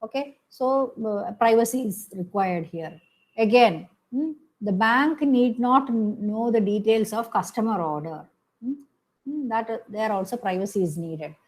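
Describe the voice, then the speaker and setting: A woman with a fairly high voice speaks at an unhurried pace in a low-quality recording. She's giving a lecture, walking through things step by step, often saying "okay" and "hmm" and correcting herself.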